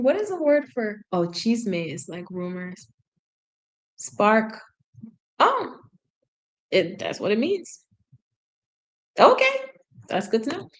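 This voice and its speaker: A woman's voice: a little high, fairly bright tone. A woman learning a language on a live stream, reading a book aloud and translating it line by line, thinking aloud and correcting herself. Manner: slow, thinking aloud, self-correcting with small laughs.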